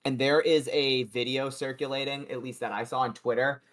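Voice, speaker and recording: A man hosting a sports betting livestream with a co-host. He talks in a loose, chatty way and swears casually. His voice sits at an ordinary mid pitch for a man. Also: steady tone, a little fast, a bit bright.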